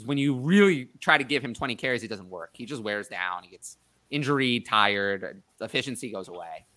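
A man hosting a casual sports talk show, opinionated and thinking out loud with frequent restarts. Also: mid-range voice, animated, brisk, dry recording. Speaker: podcast host. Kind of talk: casual fantasy football chat.

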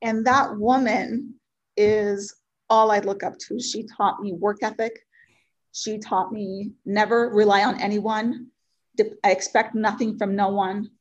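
Woman, 40s, Spanish her first language, mid pitch; interview guest telling her own story, earnest and heartfelt, lots of ums and pauses. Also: steady tone, dull audio. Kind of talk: personal life story in conversation.

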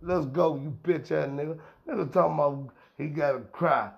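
A man's voice: on the high side, normal speed, vocal fry. A middle-aged man hosting a podcast, ranting in a heated, profane, rambling way. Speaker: podcast host. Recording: dull lo-fi sound.

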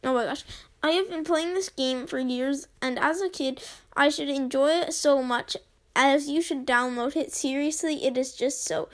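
A woman's voice: high voice, normal speed. A young woman hosting a casual podcast, reading reviews aloud with sarcastic, chatty asides. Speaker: podcast host.

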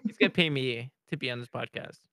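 A young man from Saskatchewan in Canada hosting a casual podcast chat, halting and full of fillers, often laughing. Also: mid-range voice, pushed and bright, no echo. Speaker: podcast host. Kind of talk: casual podcast chat over video call.

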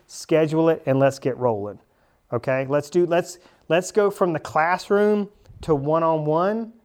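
A man's voice: on the high side, clean tone. A man, coaching a class of real estate agents in a classroom and acting out the conversations they might have. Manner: animated, acts out imagined conversations. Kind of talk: classroom training talk.

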